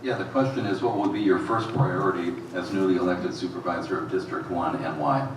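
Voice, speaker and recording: A deep-voiced male moderator reads questions briefly and plainly. His voice comes from far across a big hall, with heavy echo and clear background noise. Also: fairly even intonation, fairly quick. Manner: brief and businesslike. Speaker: forum moderator. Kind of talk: reading questions.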